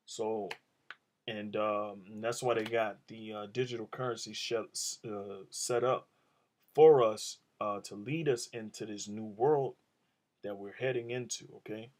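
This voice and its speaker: A man's voice: fairly low pitch, fairly even intonation, measured pace, darkish tone. A man giving informal scripture teaching as a phone voice memo while driving his car, rambling with many fillers and tag questions. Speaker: religious teacher.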